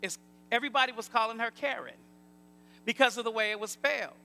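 Pastor, male, very high bright gravelly voice, call-and-response preaching, faint hum behind. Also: quick pace. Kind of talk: sermon.

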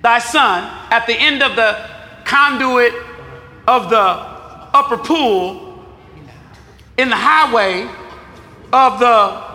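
Man preaching, very high voice, slow deliberate delivery, call-and-response, slangy, echoey church hall. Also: pushed and bright. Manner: casual street slang mixed with scripture. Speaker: pastor. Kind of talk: sermon. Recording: echoey hall with long reverb.

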